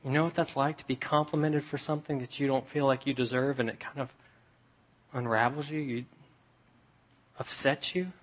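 A young man preaching a sermon, telling stories in a chatty way and dropping to a hush for emphasis. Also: medium pitch, level tone, fast talker, few pauses. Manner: conversational storytelling with dramatic hushed drops.

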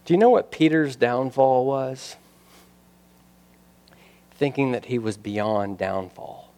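In a medium-pitched, expressive voice, a male pastor delivers his sermon slowly. He swells into loud, emphatic stretches and falls back to quiet, pointed asides.

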